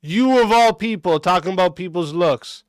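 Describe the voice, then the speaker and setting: A man's voice: sits high, expressive, normal speed, clean tone, no echo. A man streaming a reaction and ranting back at a clip, aggressive and mocking, cursing constantly. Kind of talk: profane reaction rant.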